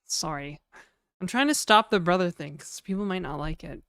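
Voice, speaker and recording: A woman's voice: on the low side, normal speed, fairly bright tone, clear, resonant tone, dry recording, clean studio sound. A woman from New Brunswick, chatting casually and rambling on a livestream, joking and laughing often. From New Brunswick, Canada.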